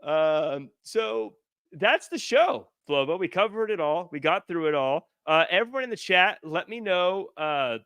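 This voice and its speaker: Man host for a casual podcast. Fairly high, lively voice, bright tone, joking, dry close sound. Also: a little slow, clean tone, no echo. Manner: lively, joking, reads viewer comments aloud. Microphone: headset.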